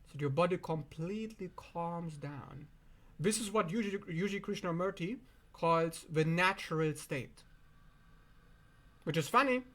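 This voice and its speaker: Non-native english guy ranting self-help at the camera, high voice jumping all over, swears a lot. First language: not English. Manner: emphatic, profane, animated. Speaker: self-help video host. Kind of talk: direct-to-camera monologue.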